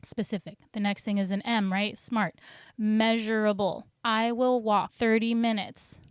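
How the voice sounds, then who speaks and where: A woman's voice: mid-range voice, fairly even intonation, moderate pace, smooth, dry recording, studio quality. A woman health coach in a solo podcast, talking in an upbeat, encouraging way and acting out her clients' voices.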